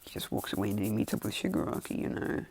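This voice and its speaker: Low gravelly young man rambling through a story. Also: very animated, fast talker, darkish tone. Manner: rambling, many "like" fillers and restarts. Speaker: fan storyteller. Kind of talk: casual improvised storytelling.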